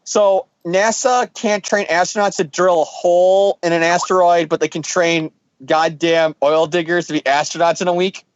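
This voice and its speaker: A man's voice: high voice, fairly even intonation, normal speed, no echo, lo-fi sound. A man casually recapping a comic book story, rambling and joking while acting out the characters' lines. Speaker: podcast host.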